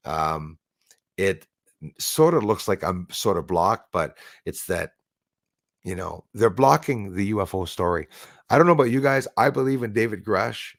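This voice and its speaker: A Canadian man hosts a casual livestream, rambling and chatty with plenty of ums and uhs. His voice sits on the low side. The recording is dry, with no room echo. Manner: rambling, chatty, with many fillers. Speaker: livestream host. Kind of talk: casual livestream chat reading comments.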